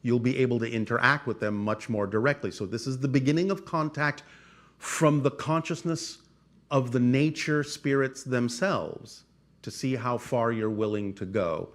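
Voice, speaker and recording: A man speaking as a channeler, answering audience questions in a formal, measured cadence with repeated phrases. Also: on the low side. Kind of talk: channeled spiritual talk.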